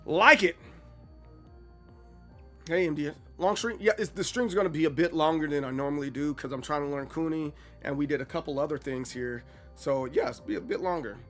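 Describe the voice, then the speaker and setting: A man in his thirties chatting casually on a gaming livestream, animated and playfully dramatic. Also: on the high side, fast talker, soft background music. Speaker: streamer.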